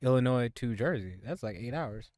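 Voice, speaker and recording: A man's voice: mid-range voice, animated, moderate pace, a little mellow, dry recording, studio quality. A laid-back man from Louisiana co-hosting a casual podcast, chatting unhurriedly and laughing often. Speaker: podcast co-host. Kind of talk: casual chat.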